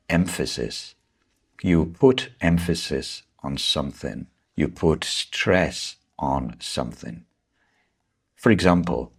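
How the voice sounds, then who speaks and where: Slow, husky-voiced man teaching English. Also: a bass voice. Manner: slow, patient explaining with stressed key words. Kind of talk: vocabulary lesson.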